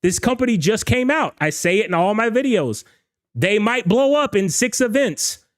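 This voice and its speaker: Male DJ show host, high-pitched, slightly hoarse, emphatic casual ranter. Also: expressive, moderate pace. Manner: emphatic, ranting, repeats "okay?" and "all right?". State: slightly hoarse from talking all night. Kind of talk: casual livestream rant.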